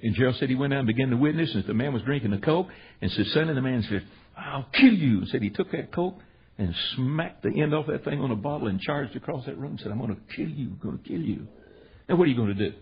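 A man's voice: medium pitch, expressive, fast, breathy edge, dull audio. A middle-aged man preaching a storytelling sermon, retelling stories in a folksy, emphatic way and teaching from the Bible.

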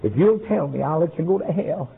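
A preacher voicing a tearful pleading church nurse. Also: female voice, low voice, lively intonation, fairly quick, creaky, a little hiss or hum. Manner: earnest, imploring repetition. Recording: tinny lo-fi phone-like recording.

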